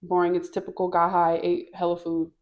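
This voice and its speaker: Animated young woman telling a story. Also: on the low side, brisk. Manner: animated, swearing, acts out quoted people loudly. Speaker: podcast co-host. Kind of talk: casual storytelling chat.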